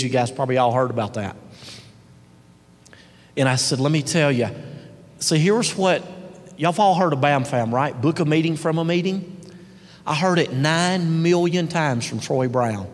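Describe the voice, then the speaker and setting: A man telling his business story as a motivational testimonial, earnest and swinging between loud and hushed. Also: a little high. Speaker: marketing director giving a testimonial. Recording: long hall reverb.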